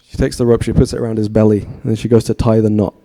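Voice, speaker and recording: Mellow-voiced guy telling a story at a temple talk, chatty, keeps asking the crowd questions. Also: fairly low pitch, level tone, quick pace. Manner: chatty, asks the audience questions. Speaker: speaker giving a temple talk. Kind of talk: storytelling sermon.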